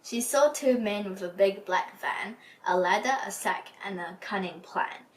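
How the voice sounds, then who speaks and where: A woman hosting a book club episode, reading a children's picture book aloud in a gentle storytelling manner. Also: medium pitch, unhurried, distant mic, low-quality recording. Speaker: storybook reader.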